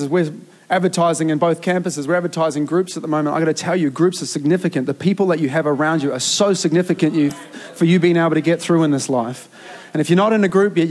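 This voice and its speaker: Earnest youth pastor preaching. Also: male voice, on the high side, a little mellow. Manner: earnest and emphatic, with filler restarts. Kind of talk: sermon.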